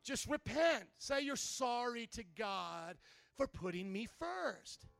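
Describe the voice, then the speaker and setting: A man's voice: very high voice, sing-song, slow pace, creaky, fairly bright tone, no echo, heavily acted. A male preacher voicing an earnest grown daughter who coaxes and pleads with her mother. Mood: pleading. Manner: pleading, coaxing.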